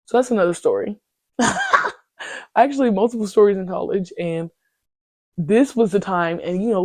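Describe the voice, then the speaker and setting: A woman's voice: fairly low pitch, no room sound. A woman in her twenties hosting a podcast, telling a story in a casual, slangy, profane way as she vents. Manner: animated, profane, slangy venting. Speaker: podcast host.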